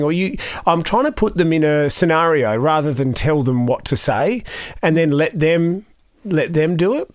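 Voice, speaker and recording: A man's voice: on the high side, lively intonation, moderate pace, no room sound, studio quality. A man, co-hosting a podcast and talking about directing in an emphatic way, repeating words as he thinks. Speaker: co-host and voice director. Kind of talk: casual podcast chat.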